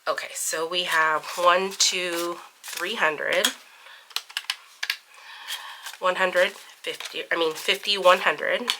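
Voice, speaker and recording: A woman's voice: on the low side, steady tone, takes it slowly, noisy background. A woman hosting a budgeting channel, talking casually with lots of fillers while counting cash aloud, recovering from bronchitis. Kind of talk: casual chat.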